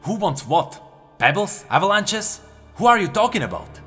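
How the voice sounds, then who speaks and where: A man's voice: a little high, sing-song, moderate pace, bright, forceful tone, husky, faint music behind, full character voice. A man voicing a stern male warlord who demands answers impatiently.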